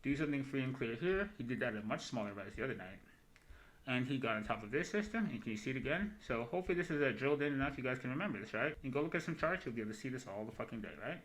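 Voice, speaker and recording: A man talks very quickly through charts on a livestream, swearing freely and tacking "right?" onto nearly every point. His voice sits at an ordinary middle pitch, and the talk is casual and rambling. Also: lively intonation, a bit bright, rough recording. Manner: fast, profane, wandering talk full of "right?". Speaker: livestream host running a crypto trading show.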